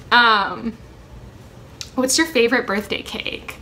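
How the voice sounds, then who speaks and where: Chatty young woman, bright voice. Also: mid-range voice, unhurried, a little hiss or hum. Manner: rambling, chatty, many ums and self-corrections. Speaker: vlogger answering a question tag. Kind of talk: casual chat.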